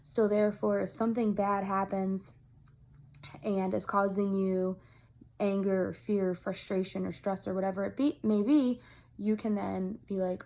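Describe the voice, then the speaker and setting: A woman talking straight to her viewers in a chatty, upbeat vlog. Her speech is earnest and animated, with plenty of "like" and "um" fillers. Her voice sits at a middle pitch. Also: a little slow, gravelly. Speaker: vlogger. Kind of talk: casual talk to camera.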